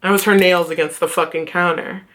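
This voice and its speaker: A young woman venting in a heated, profane vlog rant, telling her story with animated swings of feeling. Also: fairly low pitch, a little fast. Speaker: vlogger, former beauty school student.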